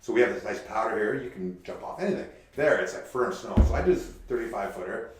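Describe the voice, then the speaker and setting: A man, a podcast guest telling animated stories in casual chat. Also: on the low side, fast, noisy background. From Kamloops, Canada. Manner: animated anecdote teller. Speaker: podcast guest, pro mountain biker. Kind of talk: casual storytelling. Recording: echoey room.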